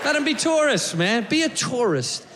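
A man doing a loud, profane stand-up set, talking straight to the audience. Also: very high-pitched, normal speed, noisy background. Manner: loud, profane, animated, talks to the crowd. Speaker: stand-up comedian. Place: comedy club stage. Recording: echoey club with laughing crowd.

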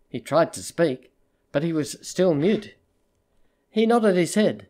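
A narrator reading a literary short story aloud in a measured, steady storytelling manner. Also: medium pitch.

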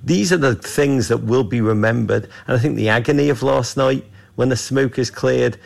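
A man's voice: mid-range voice, normal speed, creaky. A man guest talking soccer in a radio interview, with grand, theatrical, sweeping rhetoric. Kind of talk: interview commentary.

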